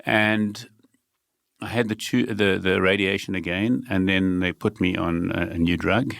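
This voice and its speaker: A man's voice: low-pitched, a little slow, vocal fry, a bit bright, no echo, studio quality. A South African man, a guest telling his story in a determined, emphatic way, laughing lightly now and then. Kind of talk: conversational storytelling.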